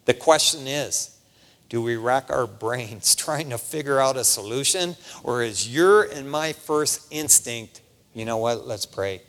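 At a measured pace, a middle-aged pastor delivers a sermon in a mid-range voice, casual and lively, tossing "man" into what he says again and again. Long reverb from a large hall fills the recording.

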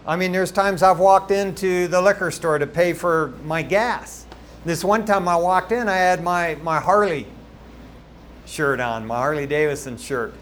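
Male pastor, fairly high voice, chatty storytelling sermon, faint background noise. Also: unhurried. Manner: animated, conversational storytelling with asides to the congregation.

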